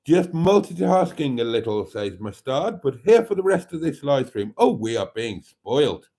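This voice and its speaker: A man's voice: medium pitch, sing-song, moderate pace, mellow, husky. A man hosting a casual livestream, reading out viewer comments and laughing heartily. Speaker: livestream host.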